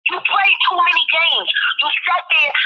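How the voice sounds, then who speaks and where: A woman's voice: very high voice, normal speed. A woman in a heated phone argument, angry and repeating herself, cursing at the other person. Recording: dull lo-fi phone audio.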